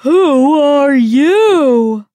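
A woman voicing a huge, protective giant woman in a read-aloud storybook, speaking loudly, slowly and emphatically. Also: high voice, animated, dry recording, voice pushed up, full character voice. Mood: urgent. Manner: loud, slow and emphatic. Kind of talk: storybook reading.

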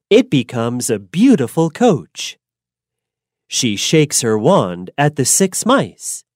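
A woman narrating a simple storybook in a clear, deliberate way. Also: deep voice, a little mellow, no echo, clean studio sound. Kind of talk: slow storybook reading for learners.

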